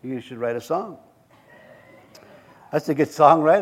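A man preaching to his congregation with a high, bright voice. He moves between earnest encouragement and playful storytelling, acting out scenes and laughing along the way. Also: expressive, measured pace, husky. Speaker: pastor. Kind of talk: sermon.

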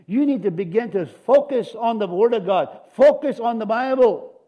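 A middle-aged man preaching a sermon, animated, shouting amens and cheers and slipping in joking asides. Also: very high-pitched, moderate pace, highs cut off. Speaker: pastor.

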